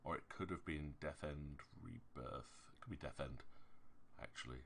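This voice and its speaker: A low-pitched man with a Yorkshire accent talks casually to his stream audience. His voice is bright and forceful, with a tense edge. He wanders from point to point, stopping to correct himself and pressing hard on whatever annoys him. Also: normal speed, creaky. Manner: rambling, hesitant, corrects himself often. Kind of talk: casual chat while streaming a game.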